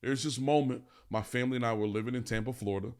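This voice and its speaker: A man's voice: mid-range voice, fairly even intonation, fast talker. A man hosting a podcast, telling a personal story in a candid, emphatic way with casual slang, on a podcast set. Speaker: podcast host.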